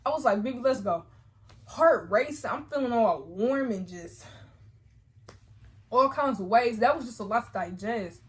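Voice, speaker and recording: A young woman vlogger telling a storytime with lively, slangy chatter and quick self-corrections. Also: a little high. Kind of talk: casual storytime chat.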